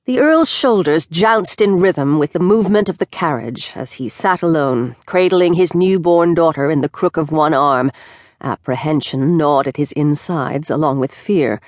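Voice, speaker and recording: Lowish, dry-voiced woman narrating a novel. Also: dry recording. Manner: measured, expressive storytelling. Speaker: audiobook narrator. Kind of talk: scripted narration. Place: recording studio. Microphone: close studio mic.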